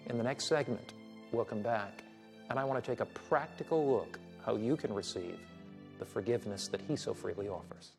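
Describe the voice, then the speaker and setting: A man's voice: lowish voice, moderate pace, vocal fry, loud music behind the voice. A man hosting a religious program, preaching and telling a story in an earnest, sermon-like way. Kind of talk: televised sermon-style teaching.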